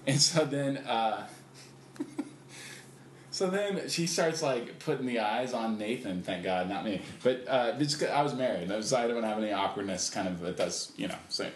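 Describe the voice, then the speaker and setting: A man's voice: mid-range voice, normal speed. A middle-aged man hosting a podcast, telling rambling, laid-back stories full of fillers and laughs. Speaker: podcast host. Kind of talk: casual storytelling chat. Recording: roomy echo, faint noise.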